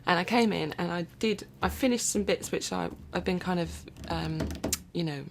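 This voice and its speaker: Chatty woman with a gravelly low voice. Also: normal speed, a little hiss or hum. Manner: chatty and rambling, slipping into whispered asides. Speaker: musician video blogger. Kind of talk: casual rambling video diary. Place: recording studio.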